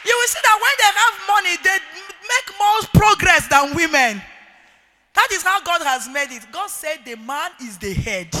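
A middle-aged Nigerian woman preaches to a women's gathering, her voice very high and intensely bright. She shouts emphatic points and slides into sing-song cadences. The sound rings with the long reverb of a large hall. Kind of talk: sermon to women.

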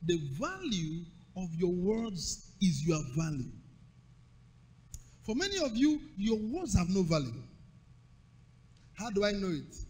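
High, lively preaching man in a hall. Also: slow pace, long pauses, slightly rough. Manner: call-and-response preaching, emphatic, rhythmic repetition. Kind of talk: sermon.

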